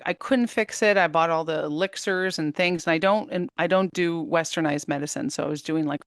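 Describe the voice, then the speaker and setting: Interview guest: woman, 30s, low-pitched, animated storyteller who laughs easily, close dry mic. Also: no room sound. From United States. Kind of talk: casual interview talk.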